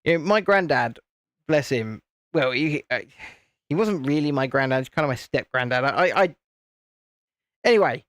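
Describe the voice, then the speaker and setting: A man hosts a relaxed live stream and chats while he builds. He rambles, restarts his sentences and wanders off topic. His voice sits a little high for a man and sounds dry and close, with no room echo. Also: normal speed, long pauses. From United Kingdom. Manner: rambling, self-interrupting, chatty. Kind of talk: casual chat while building a set.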